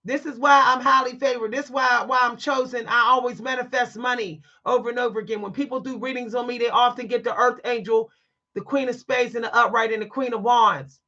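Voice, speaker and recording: A woman's voice: on the high side, steady tone, brisk, pushed and bright, highs cut off. A woman telling a story to her viewers in a blunt, emphatic, preachy way, stressing her words. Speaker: vlogger. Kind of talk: candid storytime monologue to viewers.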